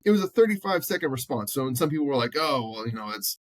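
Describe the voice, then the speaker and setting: A man's voice: mid-range voice, big pitch swings, quick pace, dry recording. A man co-hosting a sports podcast, talking bluntly and animatedly and swearing freely as he acts out quotes. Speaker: podcast co-host. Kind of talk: casual sports chat.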